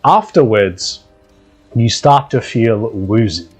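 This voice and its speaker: A man narrates a tabletop game as game master, relaxed and slow. His voice is a little husky, his pitch moving in a lively way as he describes the scene. Soft music plays faintly behind him. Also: poor audio.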